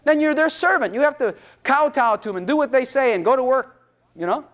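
A man's voice: very high voice, brisk. A man preaching a sermon, emphatic and full of rhetorical questions, at times speaking in God's voice. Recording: dull lo-fi recording.

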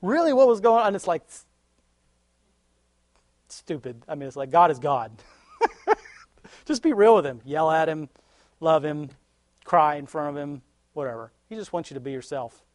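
A man's voice: a little high, expressive, unhurried, pauses often, dry recording. A man giving a casual devotional talk and closing prayer, conversational and homely, chuckling often between thoughts. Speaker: lay preacher.

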